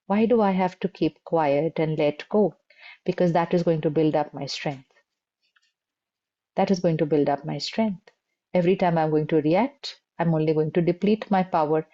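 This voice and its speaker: Calm woman teaching, warm low voice. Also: highs cut off. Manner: repeats key phrases for emphasis. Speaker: spiritual teacher. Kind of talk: motivational spiritual talk.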